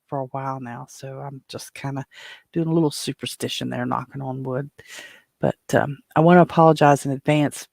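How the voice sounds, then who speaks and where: Woman, tired solo podcast host, gravelly edge, chatty and meandering. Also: deep voice, a little mellow, no room sound, studio quality. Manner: rambling, chatty, lots of restarts and fillers. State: tired, yawning. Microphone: home microphone.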